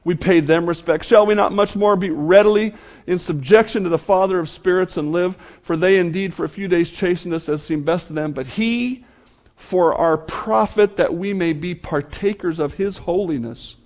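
A man's voice: sits high, normal speed, darkish tone. A man preaching a sermon to his congregation, speaking earnestly and addressing them directly. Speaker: pastor.

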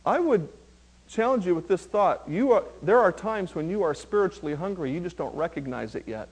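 High-voiced man preaching with humor. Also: brisk, breathy edge. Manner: animated, humorous preaching with acted-out quotes. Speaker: pastor. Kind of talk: sermon.

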